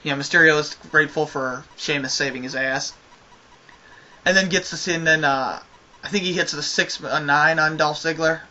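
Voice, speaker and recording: A man's voice: fairly high pitch, steady tone, moderate pace, sharp tone, dull audio. A man giving a casual spoken review of a wrestling show, ranting with exasperation and a lot of swearing.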